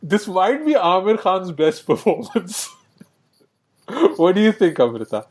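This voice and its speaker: A man's voice: sits high, very animated, unhurried. A man co-hosting a podcast, chatting about films in an enthusiastic, rambling way and laughing often. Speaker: podcast co-host. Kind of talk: casual film discussion.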